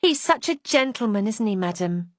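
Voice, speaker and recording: A woman narrator voicing an excitable young female housemaid who gushes eagerly. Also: mid-range voice, moderate pace, no room sound, lightly acted. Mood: delighted. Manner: gushing, eager.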